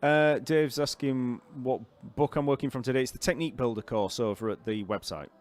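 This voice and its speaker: A man teaching a live online bass lesson, explaining technique in a relaxed way, counting beats aloud and answering questions from the chat. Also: brisk.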